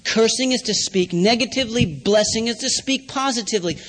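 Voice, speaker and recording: High-voiced male preacher in a reverberant hall. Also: a little fast, a bit bright. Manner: teaching step by step, asking the audience questions. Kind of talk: sermon.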